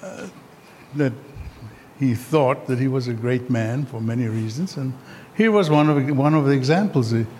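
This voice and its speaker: Man, panel speaker, halting delivery, long hall reverb, faint background noise. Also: mid-range voice, a little mellow. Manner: hesitant, many ums, raising voice when the mic fails. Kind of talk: informal lecture with a joke.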